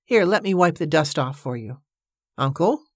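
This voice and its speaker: A woman's voice: low-pitched, normal speed, husky, dry recording, clean studio sound, exaggerated voice. A woman voicing a cheerful, mischievous young man who fusses politely over his guests, in a storybook reading. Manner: lively, fussing, polite.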